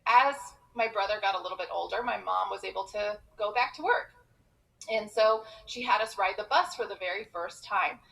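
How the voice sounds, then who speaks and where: A comedian from Iran telling a personal story with expressive, quick comic timing. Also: female voice, medium pitch, gravelly, low-quality recording.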